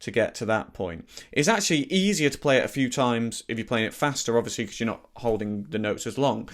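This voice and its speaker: A man teaching a harmonica lesson in a relaxed, easygoing way, thinking aloud and correcting himself as he explains. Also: mid-range voice, a little fast, hardly any pauses. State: slightly out of breath. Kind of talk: relaxed instructional talk.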